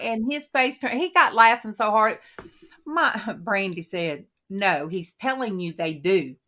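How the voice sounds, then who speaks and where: A middle-aged woman hosts a casual chat with a mid-pitched voice. She tells folksy stories in a lively way and acts out her own lines as she goes. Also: measured pace. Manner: folksy, animated storyteller, quoting herself and laughing. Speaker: host of a Christian women's coffee talk panel.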